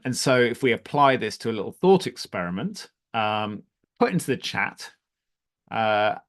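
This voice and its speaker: A man with a lowish voice hosts a live webinar, chatting easily through his points. He fills gaps with ums, restarts his sentences, and adds small jokes as he reads out the audience's guesses. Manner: conversational, many ums and restarts, light humour. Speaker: webinar presenter. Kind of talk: live online talk, reading audience chat.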